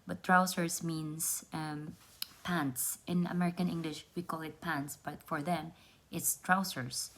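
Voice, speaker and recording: Woman, young adult, low-pitched, earnest casual vlog delivery. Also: fairly even intonation, measured pace, fairly bright tone. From Philippines. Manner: earnest and explanatory, often repeats words. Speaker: vlogger.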